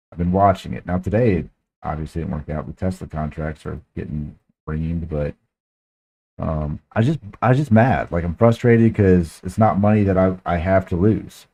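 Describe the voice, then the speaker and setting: Low, dark-voiced man ranting. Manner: frustrated, profane ranting. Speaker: podcast host. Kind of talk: casual chat.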